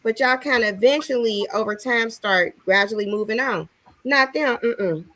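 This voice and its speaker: A woman's voice: fairly high pitch, moderate pace, pushed and bright. A woman talking casually as a guest, emphatic and testifying. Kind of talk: casual talk.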